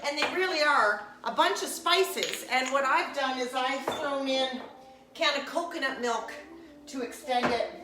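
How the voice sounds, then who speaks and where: A vlogger from Nova Scotia, Canada, with a high-pitched voice cooks in her home kitchen while chatting on a live stream, with background noise around her. She's chatty and jokey, slipping into put-on silly voices.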